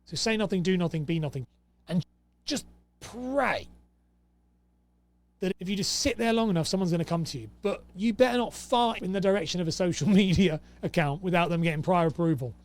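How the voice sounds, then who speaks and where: A young man with a fairly high voice talks casually to camera. He reads rules aloud and answers them with dry, exasperated sarcasm. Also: quick pace. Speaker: host.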